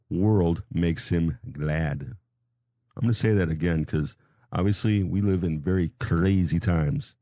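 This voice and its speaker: A man hosting a radio show, reading quotes slowly and deliberately, then adding casual asides and rereading lines when he stumbles. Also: deep voice, mellow, no room sound, clean studio sound. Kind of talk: reading and commenting on scripture quotes.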